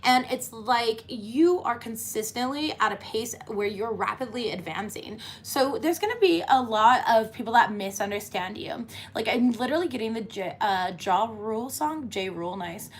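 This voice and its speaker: A woman's voice: fairly high pitch, animated, moderate pace, hardly any pauses, slight background noise. A woman giving a casual tarot reading, chatty and laughing often, cussing freely as she talks. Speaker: tarot reader.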